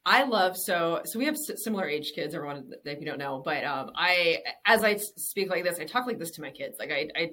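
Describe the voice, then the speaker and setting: A woman's voice: fairly low pitch, expressive, brisk, hardly any pauses, pushed and bright. A woman in her thirties, a business owner interviewed on a podcast, talks candidly, swears freely and laughs often. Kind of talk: casual interview.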